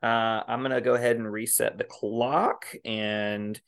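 Animated man hosting a podcast. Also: gravelly. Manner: animated, laughs often, quick pitch jumps when excited. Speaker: podcast host. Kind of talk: casual podcast chat.

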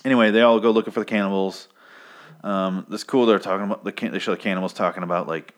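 Very deep-voiced sarcastic man. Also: steady tone, fast talker. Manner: profane, sarcastic. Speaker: podcast host recapping a comic. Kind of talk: casual chat.

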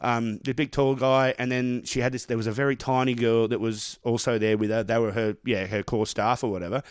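Aussie bloke telling a story on a podcast, swears a lot, mid pitch, dry sound. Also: male voice, fairly quick, smooth, no echo. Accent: Australian. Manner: animated, sweary anecdote-telling. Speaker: podcast co-host. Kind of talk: casual storytelling chat.

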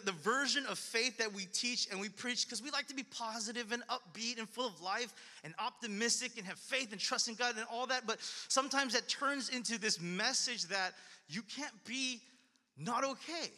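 Earnest high-voiced pastor, echoing hall. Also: male voice, pushed and bright. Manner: earnest, conversational, repetitive. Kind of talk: sermon.

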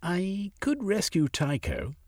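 A man's voice: high-pitched, huge pitch swings, slow pace, a little mellow, dry recording, clean studio sound, voice pushed up, exaggerated voice. A man doing an impassioned young aristocrat. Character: passionate young male aristocrat turned radical.

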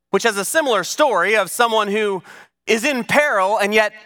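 A male pastor delivers a church sermon in a bright, forward voice. He tells a story with lively drama, rising and dropping his volume. His voice sits high for a man. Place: church service.

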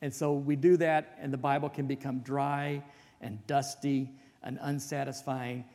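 A man's voice: mid-range voice, flat delivery, unhurried, a little mellow. Male pastor preaching in a reverberant hall. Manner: folksy storytelling, self-deprecating asides. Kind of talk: conversational sermon.

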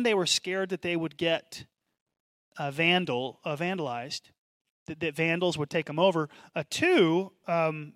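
A man preaching a sermon as pastor, in an animated, conversational way with asides. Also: sits high, no room sound.

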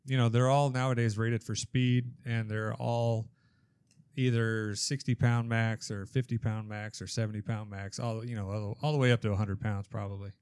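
A man's voice: on the low side, little pitch movement, moderate pace, darkish tone, smooth, no room sound. Matter-of-fact man explaining things. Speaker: guest. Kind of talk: casual chat. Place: podcast studio room.

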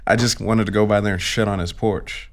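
A man's voice: on the low side, steady tone, brisk. A man in casual chat, animatedly telling a profane story.

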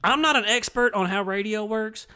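A man's voice: sits high, moderate pace, bright, forceful tone, smooth. A man voicing a prim male magpie psychiatrist who hosts a radio show, often exasperated. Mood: fussy.

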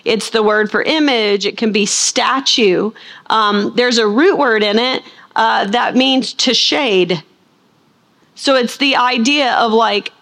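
A woman preaching a sermon as a Bible teacher, putting questions to the listeners and answering them herself, slowing down to stress key words. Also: on the high side, fairly bright tone.

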